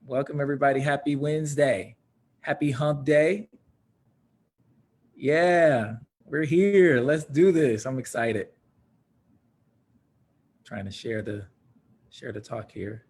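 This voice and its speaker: A man's voice: mid-range voice, takes it slowly, long pauses, darkish tone, husky. A young man from Michigan, hosting a livestream and energetically greeting viewers by name and city in a casual style. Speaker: host of a livestreamed talk.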